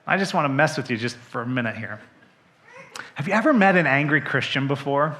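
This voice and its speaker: Speaking briskly in a mid-range voice, a male pastor preaches with lively storytelling. He performs the characters' quoted lines and asks the congregation pointed questions.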